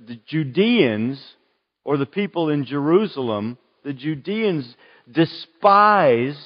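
A man with a Western Pennsylvanian accent preaching a sermon as a pastor, conversational and slowing on key words. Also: on the high side. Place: church. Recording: dull, long church reverb.

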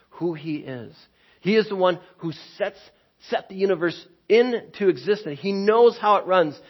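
A man preaching a sermon, telling a personal story with lively energy and repeating words as he starts phrases. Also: high-pitched, breathy edge, muffled recording.

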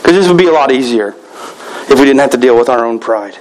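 A man's voice: mid-range voice, lively intonation, fast, a little hiss or hum, low-quality recording. A man preaching a conversational sermon as a pastor, joking with the congregation and acting out little quoted exchanges.

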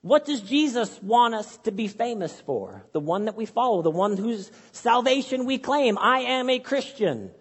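A man's voice: very high voice, very animated, moderate pace, few pauses, husky. A man preaching a sermon as pastor, earnest and conversational, repeating his key phrases for emphasis. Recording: long hall reverb.

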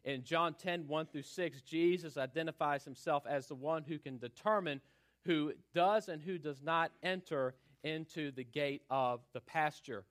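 A man preaching a sermon, praying and reading scripture in an earnest, emphatic way with pauses. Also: fairly high pitch, a bit bright.

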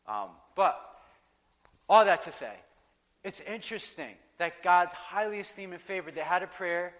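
A man preaching in a church sanctuary, with a fairly high and bright voice. He talks in a loose, conversational way and acts out the quoted lines. The long reverb of a big hall trails after his words. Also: lively intonation, measured pace. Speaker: pastor. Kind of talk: sermon.

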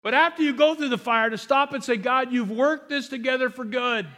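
A pastor with a strikingly high voice for a man delivers his sermon in a loose, talky way. He tosses in joking asides and stumbles over repeated words as he goes. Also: brisk, pushed and bright.

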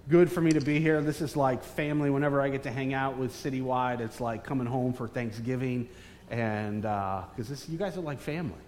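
A man's voice: mid-range voice, a little mellow. A man preaching to a live church congregation as a guest pastor, joking and teasing the crowd with lots of energy. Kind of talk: live church sermon with banter. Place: large church hall with congregation. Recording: distant reverberant hall, faint room noise.

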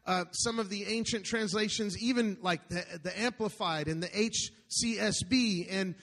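A middle-aged man preaching a sermon, an animated storyteller who jokes and calls out to the congregation. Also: high-pitched, moderate pace. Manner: animated, joking storyteller with call-outs to the congregation. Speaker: pastor. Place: large church auditorium. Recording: long hall reverb.

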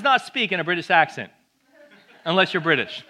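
A man preaching a sermon as pastor, in an energetic, conversational way with jokes. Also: high voice, brisk.

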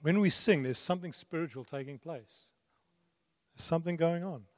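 A man's voice: on the high side, normal speed, dry recording, clean studio sound, big-room sound. A man preaching a sermon in an earnest way, repeating key phrases and laughing now and then. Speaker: pastor.

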